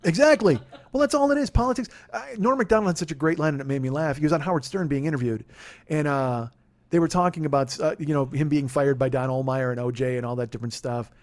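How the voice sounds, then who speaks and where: A man in his forties hosting a podcast, telling a story in a casual, profane, animated way and laughing at his own retellings. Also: fairly high pitch, fast talker. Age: 40s. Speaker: podcast host.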